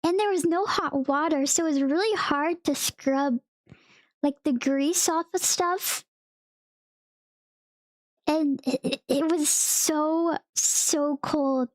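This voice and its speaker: A woman's voice: sits high, slow, dry recording, studio quality. A young woman streamer chatting casually to her viewers, rambling through a story and laughing often between sentences.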